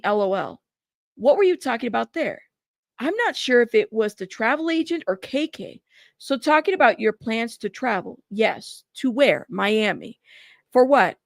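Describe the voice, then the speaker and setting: Woman commentator, higher pitch, dry close sound, reads court records and reacts openly. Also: no room sound. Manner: animated reactions to the text she reads. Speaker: trial news commentator. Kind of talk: reading court transcripts aloud with commentary.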